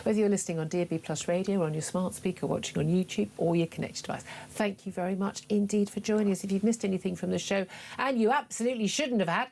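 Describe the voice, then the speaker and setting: A woman's voice: mid-range voice, quick pace, vocal fry, a little mellow, a little hiss or hum. A middle-aged woman hosting a talk radio show, forthright and emphatic, with frequent fillers. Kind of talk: opinionated talk radio monologue.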